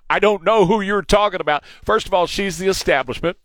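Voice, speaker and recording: A man's voice: sits high, a little fast, a bit bright. A man with a Texan accent hosting an opinionated talk radio show, emphatic and hammering his points through repetition. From Texas. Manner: emphatic, repeats points for punch. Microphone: studio microphone.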